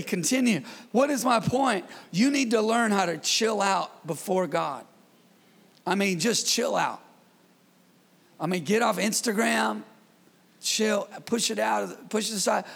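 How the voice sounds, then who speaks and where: A man preaching as pastor in his church, in a lively, conversational style with call-and-response to the congregation. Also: high-pitched, vocal fry, big-room sound. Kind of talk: sermon.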